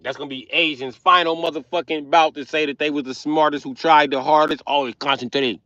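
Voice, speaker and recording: A man's voice: on the high side, steady tone, a little fast, pushed and bright, no room sound, lo-fi sound. An American man delivering a profane, brash comic rant on a livestream. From United States.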